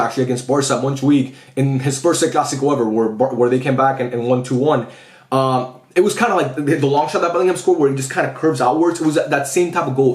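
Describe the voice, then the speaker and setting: A man hosting a casual post-match football reaction, excitable and chatty, full of slang fillers. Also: medium pitch. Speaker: football fan channel host. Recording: echoey room.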